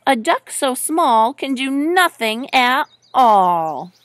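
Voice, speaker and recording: A woman's voice: high voice, big pitch swings, slow pace, no echo, full character voice. A woman voicing a group of ducks who tease and taunt in a singsong chant, in a storybook reading. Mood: mocking. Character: jeering crowd of mocking ducks.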